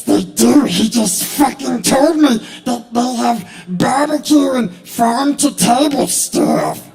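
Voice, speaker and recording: A man putting on a whiny, shouting hillbilly cave creature, frantic for gold. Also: extremely high pitch, full character voice, poor audio. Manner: shouting, whining, near tears.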